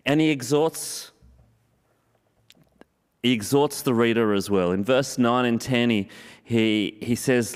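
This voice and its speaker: A man preaching in an earnest, steady voice of middling pitch. He leans on key phrases, slowing down and repeating them for weight. The sound carries a long reverb from a large hall. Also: smooth. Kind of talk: sermon.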